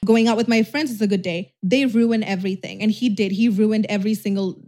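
With a steady, warm tone and a brisk delivery, this mid-range female voice belongs to a young YouTuber sharing a personal story on her vlog. Her telling is candid and meandering, packed with "like," full of restarts, and sprinkled with casual swearing.

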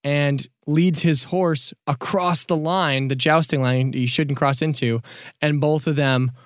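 A man narrates a tabletop game as game master in a casual, upbeat way, with quick bursts of speed. His voice sits a little high. The sound is dry and close to the mic. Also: fairly even intonation, no echo.

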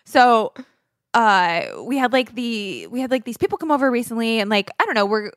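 A woman's voice: a little high, animated, moderate pace, fairly bright tone, dry recording, clean studio sound. A woman in her thirties, a podcast co-host, telling a long personal story in casual chat, full of fillers and acted-out quotes.

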